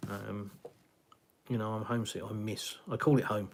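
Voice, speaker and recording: A middle-aged man from England, with a southeastern accent and a slight West Country twang, rambles casually on a live stream while answering viewer comments. His lowish voice is gravelly with little pitch movement at a moderate pace, there's background noise, and he's chatty, with many fillers and restarts.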